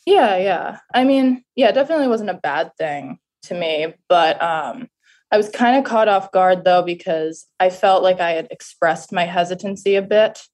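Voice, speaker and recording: A woman's voice: fairly low pitch, expressive, normal speed, a little mellow. A woman in her twenties calling in to a podcast, explaining her dating situation hesitantly with lots of fillers. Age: 20s. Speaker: caller. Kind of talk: casual phone-in chat.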